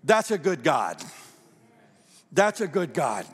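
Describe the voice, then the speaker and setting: A high-pitched man preaches to his church, his voice rolling around a large hall with long echoes. He tells stories with animation and repeats key phrases for emphasis. He sounds like a pastor speaking from the pulpit. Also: sing-song, slow pace, fairly bright tone, slightly rough. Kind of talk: sermon. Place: church sanctuary.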